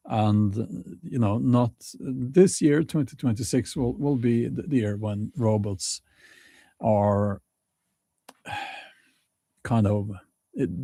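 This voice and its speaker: A man with a Norwegian accent hosting his own video, thinking aloud in halting sentences with many restarts. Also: medium pitch, mellow, dry recording, clean studio sound. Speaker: vlog host. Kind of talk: casual spoken commentary.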